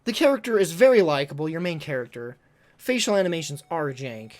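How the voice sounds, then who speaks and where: A streamer talking casually on a live stream, gushing and excitable, often stumbling and repeating words. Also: mid-range voice, brisk. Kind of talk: casual livestream talk ranking games.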